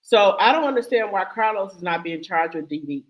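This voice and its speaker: A woman's voice: medium pitch, lively intonation, brisk, poor audio. A woman co-hosting a casual gossip livestream, blunt and outspoken, swearing freely. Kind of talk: casual chat.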